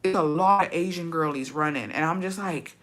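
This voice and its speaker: A woman chatting casually and bluntly with her viewers, swearing freely and breaking into animated outbursts. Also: deep voice, fairly quick. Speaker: streamer reacting to chat. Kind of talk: casual profane chat.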